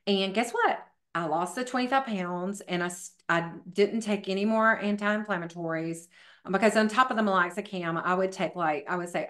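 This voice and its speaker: A woman's voice: on the low side, normal speed, fairly bright tone. A middle-aged woman, a fitness professional and podcast guest, telling her story in a chatty way with many fillers. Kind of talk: casual interview storytelling.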